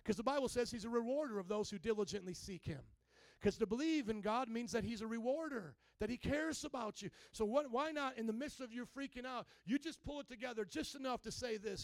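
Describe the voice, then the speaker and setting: A man with a strikingly high, smooth and resonant voice preaches a sermon, calling out questions to his congregation and climbing to near-shouts. The sound is dry and close, with no room around it. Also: brisk, dry recording. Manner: call-and-response preaching, rising to near-shouts. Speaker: pastor.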